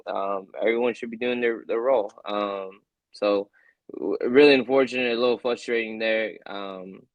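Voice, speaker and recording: A man co-hosting a soccer podcast, speaking in a hesitant way with many pauses and restarts. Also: on the low side, fairly even intonation, no room sound, rough recording. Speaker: podcast co-host. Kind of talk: casual podcast chat.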